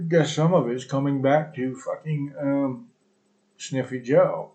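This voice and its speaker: A man's voice: mid-range voice, slow, dark tone, low-quality recording. A man hosting his own live stream podcast alone, talking in a crude, profane, rambling and sarcastic way. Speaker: podcast host. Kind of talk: solo live stream chat.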